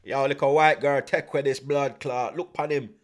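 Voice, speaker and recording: A man's voice: mid-range voice, fairly even intonation, moderate pace, lightly acted. Jealous Jamaican woman, scornful drawl, put on by a man.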